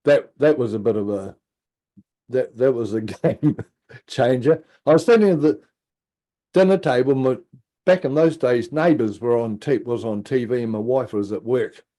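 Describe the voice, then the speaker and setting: Middle-aged kiwi guy, warm relaxed voice, spins a yarn, does the voices then mutters asides. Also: normal speed. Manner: animated, acts out quotes, drops to low asides. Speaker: guest. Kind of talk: casual storytelling.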